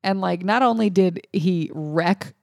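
A woman's voice: lowish voice, unhurried, creaky, no echo. Dry-sounding chatty woman co-host. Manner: chatty, amused storytelling. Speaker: podcast co-host and voice actor. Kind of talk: casual chat.

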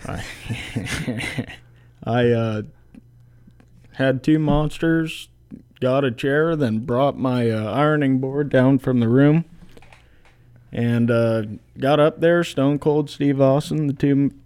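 A man's voice: mid-range voice, takes it slowly, long pauses, darkish tone, clean tone. A young man in his twenties, a college kicker guest, talking plainly and casually in an interview with lots of fillers. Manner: laid-back, plainspoken, many fillers.

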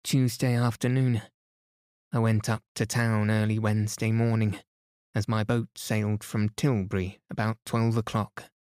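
A man's voice: fairly low pitch, little pitch movement, a little slow, darkish tone, clear, resonant tone, no room sound, studio quality, close to an everyday voice. A man voicing a plainspoken young soldier in an audiobook, a little uneasy. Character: young male soldier back from Africa.

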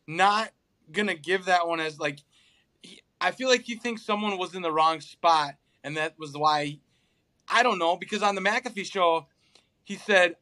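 A man's voice: sits high, normal speed, pushed and bright. A young man co-hosting a casual sports chat, ranting in an exasperated way and swearing often. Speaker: podcast co-host.

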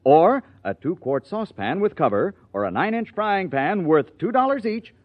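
A man announcing an old-time radio commercial in a brisk, upbeat salesman's voice, lively and a bit high. The sound is dry and dull, with a lo-fi old-broadcast tone. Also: no echo. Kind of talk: 1940s radio commercial reading.

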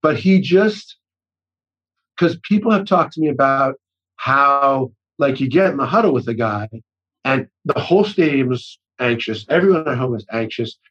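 A man's voice: mid-range voice, animated, normal speed, fairly bright tone, husky, highs cut off. A middle-aged man talking as a guest in a casual conversation, rambling and often restarting his sentences. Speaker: actor-director guest.

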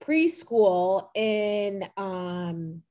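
A woman's voice: mid-range voice, expressive, very slow, mellow. Young woman rambling with hesitant ums. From Chicago. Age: young adult. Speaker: podcast co-host. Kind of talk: casual chat.

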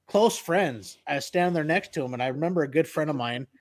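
A man's voice: on the high side, lively intonation, fast. A middle-aged man chatting on a podcast, telling rambling anecdotes and swearing casually. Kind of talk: casual chat.

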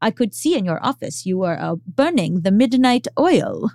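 A woman's voice: medium pitch, very animated, moderate pace, creaky, a little mellow, no room sound, studio quality. A woman voicing a blunt, nosy elderly female neighbor with an Austrian accent. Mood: prying. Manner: prying, scolding.

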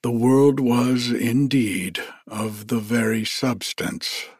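A man narrating a story in a measured, deliberate reading. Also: medium pitch, steady tone, a little mellow, dry recording, clean studio sound.

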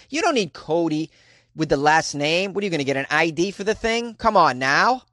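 A man's voice: on the high side, very animated, a little fast, sharp tone, no echo, studio quality. A man hosting a comedy news podcast, reading odd stories with wry, jokey asides. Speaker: podcast host.

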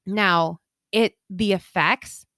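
A woman tells a story with lively energy, swearing freely and slipping into voices for the people in it. Her pitch sits at a middling level. The sound is dry and close, with no room around it. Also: takes it slowly, no room sound. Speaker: storyteller in a conversation. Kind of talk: casual chat.

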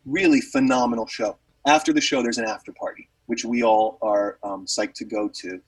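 A man's voice: medium pitch, steady tone, normal speed, slightly rough, recorded from a distance, low-quality recording. A man, a musician, telling a rambling story in casual chat with lots of fillers and restarts.

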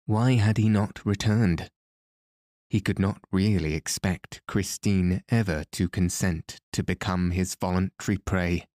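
A man narrating an audiobook in a measured, grave storytelling manner. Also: sits low, a little mellow, no echo, clean studio sound. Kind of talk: scripted narration.

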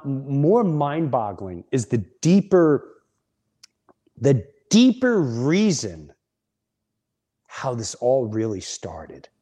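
Slow, rambling man telling a story. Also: mid-range voice, mellow. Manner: rambling, with frequent restarts. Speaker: comedian and podcast host. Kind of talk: casual storytelling monologue.

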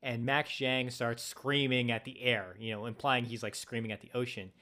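A man co-hosting a casual podcast, calmly explaining how a movie was shot and why its story fails. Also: medium pitch, moderate pace. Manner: explanatory, analytical about filmmaking. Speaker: podcast co-host. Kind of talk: casual movie review chat.

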